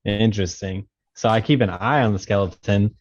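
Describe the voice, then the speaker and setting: A man's voice: lowish voice, normal speed, no room sound, muffled recording. A man playing a tabletop game who talks in a laid-back, amused way. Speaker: player.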